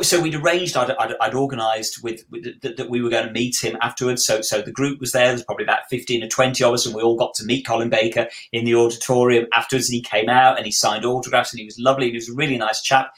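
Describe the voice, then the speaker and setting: A man's voice: medium pitch, a bit bright. Self-mocking man telling anecdotes. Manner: self-deprecating storyteller. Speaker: podcast co-host. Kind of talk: casual chat.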